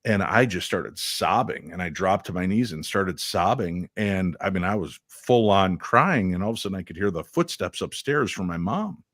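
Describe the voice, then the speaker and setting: Low-voiced male guest, halting storyteller, dry close mic. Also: expressive, fairly bright tone, no room sound. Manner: halting, emotional recounting with many fillers. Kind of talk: radio interview storytelling.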